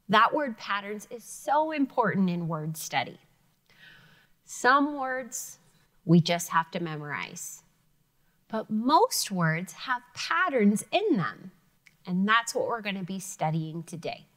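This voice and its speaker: Slow, lively-voiced woman teaching children. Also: medium pitch. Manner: slow, clear, encouraging teaching voice. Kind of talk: televised classroom lesson for children.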